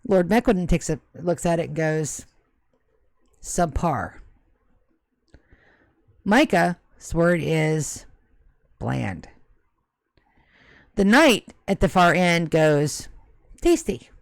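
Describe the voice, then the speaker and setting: A woman's voice: on the low side, unhurried, hardly any pauses, no room sound, clean studio sound. A woman narrating as game master of a tabletop game, joking and swearing at her players.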